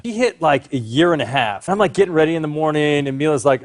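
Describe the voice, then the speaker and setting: A father on a talk show telling an energetic, animated story about his kids. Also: fairly high pitch, quick pace, few pauses. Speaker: celebrity guest, father.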